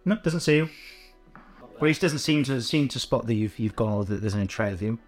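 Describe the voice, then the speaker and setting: Male game master, casual and halting, faint music behind. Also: mid-range voice. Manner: relaxed, hesitant with many ums. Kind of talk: running a tabletop game, casual.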